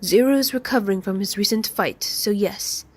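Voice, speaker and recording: A woman voicing a gentle, devoted female train engine in a fan audio drama, speaking earnestly and with feeling. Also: medium pitch, normal speed, slight background noise, natural voice. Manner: earnest and heartfelt, emotional. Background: music.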